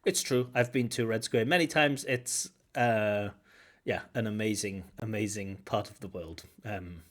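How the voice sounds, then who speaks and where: A man's voice: fairly low pitch, measured pace. A man giving feedback on a speaking test, explaining points and repeating phrases aloud to model intonation. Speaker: IELTS examiner giving feedback. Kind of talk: teaching commentary.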